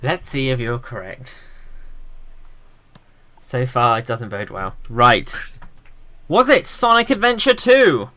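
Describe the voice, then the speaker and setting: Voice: mid-range voice, very animated, slow, pauses often, bright, forceful tone, a little hiss or hum. A podcast host running a quiz game, playful and teasing with the guests. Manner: playful, teasing, laughing often.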